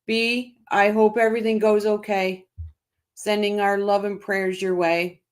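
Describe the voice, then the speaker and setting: A woman's voice: mid-range voice, level tone, measured pace. A chatty middle-aged woman hosts a casual livestream. She reads out viewer comments and talks them over, often stopping and restarting her sentences. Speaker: livestream host.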